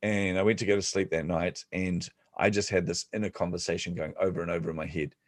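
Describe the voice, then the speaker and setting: A man, a podcast guest, telling stories in an animated, self-deprecating way and acting out the voices of people he quotes. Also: low voice, fast talker, no echo, clean studio sound. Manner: self-deprecating humor, frequent laughs. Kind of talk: storytelling in an interview.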